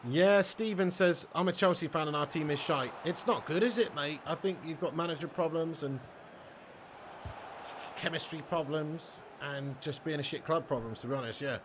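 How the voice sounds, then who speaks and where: Man, young adult, high-pitched, sweary, mock-aggressive, live streamer, faint hiss. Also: normal speed. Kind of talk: live stream chat banter while gaming.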